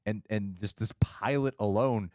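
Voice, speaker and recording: A man with a low voice chats animatedly about a series, laughing often and jumping up in pitch when he acts out his reactions. The close mic gives a dry sound. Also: measured pace, a little mellow, no echo. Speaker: show co-host reviewing TV. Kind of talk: casual reaction review chat.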